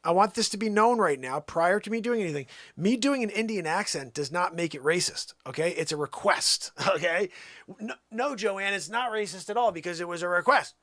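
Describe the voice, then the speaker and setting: Livestream host, male, animated and high-pitched, casual and defensive. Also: a little fast, no echo, clean studio sound. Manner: defensive, rambling, talks to chat.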